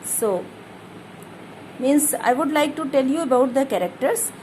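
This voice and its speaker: A woman teacher explains a play's scene very slowly, stopping to define each difficult word. Her voice sits fairly high and she often restates her points. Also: animated, darkish tone, slight background noise, poor audio. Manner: explains hard words one by one, repeats herself. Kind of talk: explaining a play to students.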